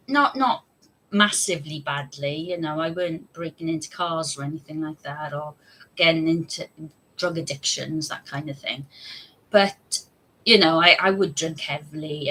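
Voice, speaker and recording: A woman's voice: low voice, fairly bright tone, slight background noise, low-quality recording. A woman talking candidly on a live stream, chatty and rambling, with frequent laughs. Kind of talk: casual live stream chat.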